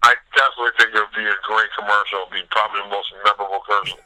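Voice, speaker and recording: A man's voice: on the low side, flat delivery, very fast, sharp tone, dry recording, poor audio. A man, a former college player, talking in an easygoing way as a guest on an interview. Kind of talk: casual interview chat.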